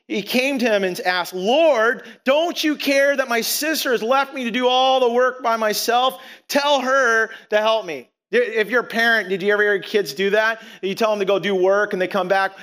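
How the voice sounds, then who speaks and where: Animated, high-voiced man preaching. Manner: animated, conversational, acts out quotes. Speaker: pastor. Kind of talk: sermon.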